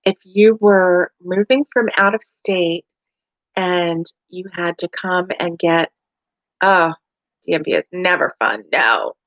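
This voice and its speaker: A woman's voice: fairly low pitch, slow pace, fairly bright tone, no echo. A tired middle-aged woman with a light Southern US accent chats casually on a home livestream, rambling through her story with lots of fillers and restarts. The sound is dry and a little dull, like a lo-fi webcam mic. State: tired and yawning. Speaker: crochet livestream host. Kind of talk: casual live chat.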